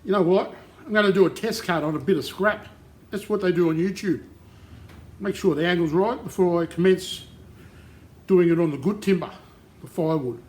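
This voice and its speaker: A man's voice: high-pitched, normal speed, long pauses, darkish tone. A man, bantering cockily as a novice woodworker in a workshop shed. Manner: cocky, joking, slangy. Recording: roomy echo.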